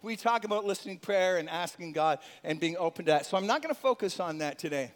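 Male pastor, sermon, animated, chuckling, call-and-response, high voice, long hall reverb. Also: fast talker. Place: church sanctuary.

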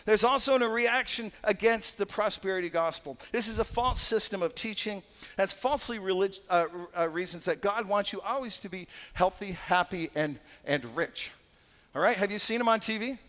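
A Canadian pastor with a fairly high voice preaches in a casual, joking way and slips into little voices for the people he quotes. His talk rings out with the long reverb of a large church hall. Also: normal speed, fairly bright tone. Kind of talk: sermon.

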